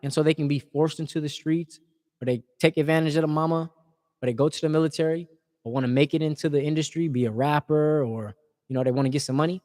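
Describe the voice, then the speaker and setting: A man's voice: a little high, steady tone, fast, a little mellow, big-room sound. A man speaking in an impassioned, informal preaching style, earnest and repeating words as he builds his points.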